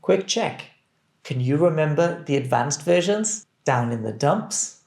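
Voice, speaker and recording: A man teaching English, reading phrases deliberately and clearly so that learners can repeat them. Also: on the high side, lively intonation, darkish tone. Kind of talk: scripted language drill. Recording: roomy echo.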